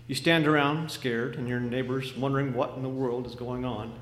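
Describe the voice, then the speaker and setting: A man preaching a sermon, telling a vivid story with dramatic swings from loud to hushed. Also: medium pitch, fairly even intonation, normal speed. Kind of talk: sermon illustration. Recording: echoey hall with faint noise.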